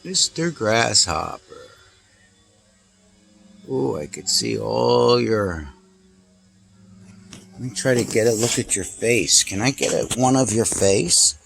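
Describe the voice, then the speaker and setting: A man's voice: mid-range voice, lively intonation, slow, vocal fry, pauses often, a bit bright, slight background noise. A man filming outdoors by his car, muttering aloud to the animals and to himself while he shoots on a handheld camera. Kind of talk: casual self-talk while filming.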